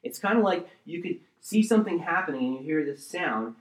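A man preaching a sermon and teaching from the Bible, swinging between loud emphatic bursts and quiet asides and often checking in with his listeners. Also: medium pitch, animated, quick pace, few pauses. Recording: roomy echo.

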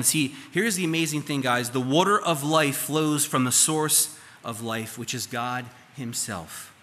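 A man's voice: medium pitch, normal speed, fairly bright tone. A man preaching a sermon as a pastor, talking casually and putting questions to his congregation. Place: church sanctuary. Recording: live church hall reverb, faint room noise.

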